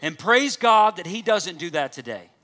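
A man's voice: high voice, lively intonation, normal speed, sharp tone. A man preaching a sermon to his church, earnest and emphatic, repeating key phrases and asking the congregation direct questions. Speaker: pastor.

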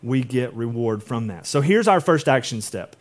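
A man's voice: medium pitch, lively intonation, normal speed. A middle-aged man preaching a sermon as a pastor, conversational and acting out quoted voices.

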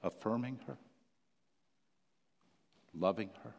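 A man preaching a sermon, telling the story with passion, his voice swelling loud and then sinking almost to a whisper. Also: on the low side, takes it slowly, vocal fry, big-room sound.

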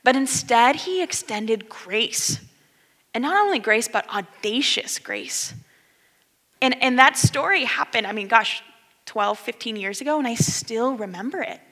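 A woman's voice: a little high, a little slow. A woman in her thirties telling a story in a conversational sermon, acting out the people in it. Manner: animated, conversational, acts out quoted voices. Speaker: speaker giving a talk. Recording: long hall reverb.

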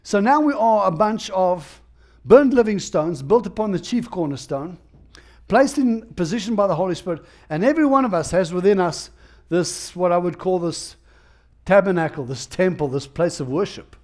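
A male preacher delivering a sermon with a voice pitched a little above the usual for a man. He presses his points through repetition and restarts, speaking in a plain, conversational way with emphasis. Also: lively intonation, normal speed, darkish tone.

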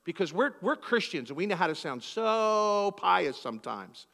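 Male pastor from Philadelphia, high bright voice, lively sermon with acted-out exchanges, long church-hall reverb. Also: normal speed, gravelly. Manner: animated preaching, acts out conversations.

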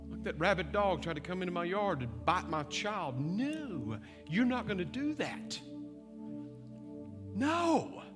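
Pastor, male, fairly high voice, fervent altar-call preaching, long church reverb with music under it. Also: very animated, moderate pace, hardly any pauses. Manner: teasing, then fervent and pleading. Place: large church with live music.

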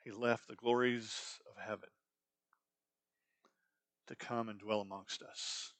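A man's voice: fairly low pitch, level tone, takes it slowly, a bit bright. A middle-aged man preaching a sermon as a pastor, talking conversationally and asking the congregation rhetorical questions.

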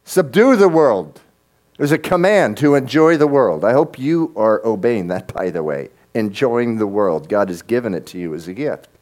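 A middle-aged man preaching a sermon as pastor, earnest and halting, often repeating words as he starts a sentence. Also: lowish voice, animated, darkish tone.

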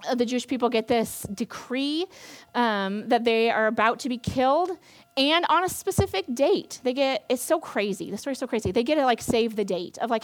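A woman's voice: fairly high pitch, moderate pace. Chatty young woman retelling a Bible story. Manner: chatty, playful, acts out quoted characters. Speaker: campus ministry staff speaker.

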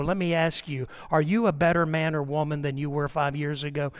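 A man's voice: fairly high pitch, fairly even intonation, fairly quick, few pauses. An older man preaching a sermon, telling personal stories and building to impassioned, emphatic appeals. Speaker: pastor.

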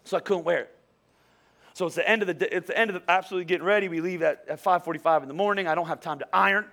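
High, bright-voiced male pastor preaching. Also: very fast, vocal fry. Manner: animated storytelling with quoted dialogue and rhetorical questions. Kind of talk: sermon.

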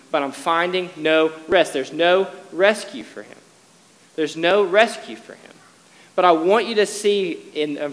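Earnest male preacher with echoing reverb. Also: fairly high pitch. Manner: earnest, builds to loud emphatic cries when quoting scripture. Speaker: pastor. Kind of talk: sermon.

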